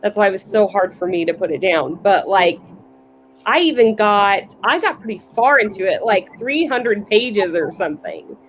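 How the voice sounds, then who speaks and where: A woman's voice: medium pitch, animated, moderate pace, a little hiss or hum, rough recording. A woman hosting a book club chat over a video call, talking casually with lots of restarts and fillers. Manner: chatty, hesitant, many likes and restarts. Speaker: book club livestream host.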